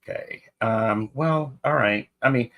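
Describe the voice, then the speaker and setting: Here a man with a medium-pitched, creaky, slightly bright voice takes his time co-hosting a live tarot stream. In casual chat he welcomes each chatter by name, often using fillers and starting over.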